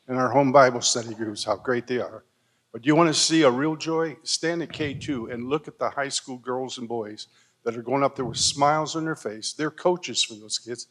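A man who volunteers with the church's children's ministry, speaking enthusiastically. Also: medium pitch. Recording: reverberant church sanctuary.

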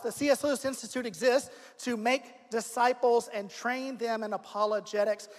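A man, the pastor hosting the service, introducing the sermon and a guest speaker in an upbeat, welcoming manner. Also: very high-pitched. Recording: long hall reverb.

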